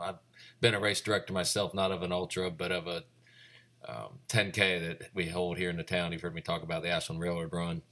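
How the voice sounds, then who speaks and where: A deep-voiced man in his forties talks through his own race in a loose, meandering solo recap. He wanders from point to point, stopping often to hesitate and restart his sentences. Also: a bit bright. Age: 40s. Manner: rambling, unhurried, with many "uh" pauses and restarts.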